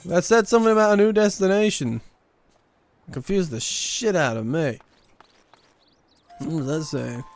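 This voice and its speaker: A man's voice: a little high, animated, moderate pace, pauses often, faint music behind. A man streaming a video game, chatting casually with loose, profane asides, laughing and muttering as he reads the game's lines aloud.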